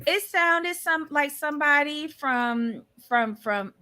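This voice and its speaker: A woman co-hosting a casual recap podcast, chatting in an animated way and often restarting her sentences. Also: high voice, slow pace. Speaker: podcast co-host.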